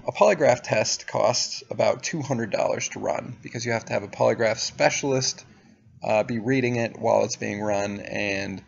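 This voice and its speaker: A young vlogger tells a story to the camera in a casual, sardonic tone laced with profanity. His lowish voice is gravelly and husky, and the recording comes across dull and lo-fi.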